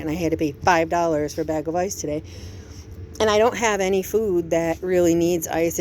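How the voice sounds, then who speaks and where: A woman's voice: fairly low pitch, darkish tone, a little hiss or hum. Anxious, rambling woman vlogger. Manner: rambling, jumping from subject to subject. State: overwhelmed and anxious. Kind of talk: candid personal vlog.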